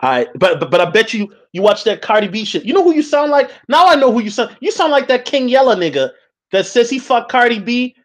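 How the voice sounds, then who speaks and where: A man hosts a casual call-in show, ribbing the caller with a needling, mocking tone. His voice sits high for a man, and its pitch jumps around a lot. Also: big pitch swings, fairly quick.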